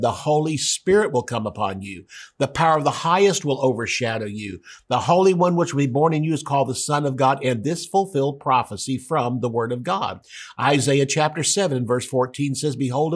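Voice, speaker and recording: A man preaching a sermon, emphatic, rising and speeding up to stress his points. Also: mid-range voice. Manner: emphatic, rises and quickens when stressing a point.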